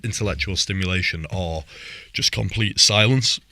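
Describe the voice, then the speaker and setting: A man's voice: low voice, moderate pace, bright, forceful tone, dry recording, studio quality. A young man, co-hosting a casual podcast, laughing easily and often restarting his words. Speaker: podcast co-host. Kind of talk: casual banter.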